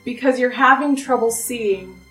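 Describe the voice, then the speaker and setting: A woman narrating a tabletop role-playing game as game master, calm and descriptive, recorded a little away from the mic. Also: fairly high pitch, moderate pace, recorded from a distance, soft background music, rough recording.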